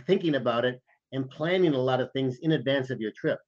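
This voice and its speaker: A man co-hosting a podcast, telling anecdotes in a lively way and acting out the quoted lines. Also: medium pitch, a little fast. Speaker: podcast co-host, former intelligence officer. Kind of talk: casual podcast storytelling. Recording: dull, muffled audio.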